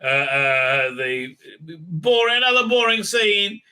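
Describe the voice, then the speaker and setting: A man reviewing a TV episode in a sarcastic, profane rant, halting with many fillers. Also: high voice, sing-song, bright, forceful tone, clean tone. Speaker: TV show reviewer. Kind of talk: ranting recap and review.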